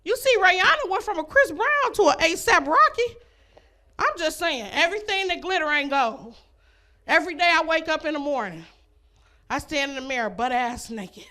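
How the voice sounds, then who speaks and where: A woman's voice: high-pitched, sharp tone. A woman doing a stand-up comedy set, brash and bawdy, speaking to the ladies in the crowd and laughing at her own jokes. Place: comedy club stage.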